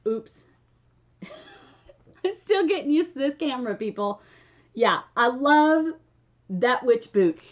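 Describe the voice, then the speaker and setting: A woman's voice: a little high, lo-fi sound. A woman chatting casually in a stitching vlog, rambling and gushing over gifts. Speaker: cross stitch vlogger. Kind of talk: casual chat.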